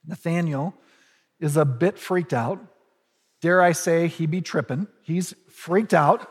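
Male pastor, casual storytelling sermon, husky voice, echoey church hall. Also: on the high side, a little slow. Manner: conversational storytelling with humorous asides.

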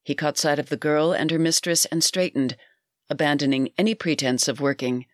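Calm woman reading a story aloud. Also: deep voice, no echo, clean studio sound. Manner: calm, measured reading with small character voices. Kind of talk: scripted story narration.

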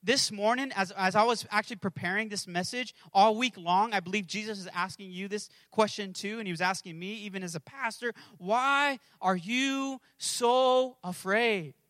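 A man pastor preaching an impassioned sermon, calling out to the congregation and swinging between shouted prayers and hushed asides. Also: high-pitched, fairly even intonation, a little fast, hardly any pauses, dry recording. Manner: calls out to the congregation.

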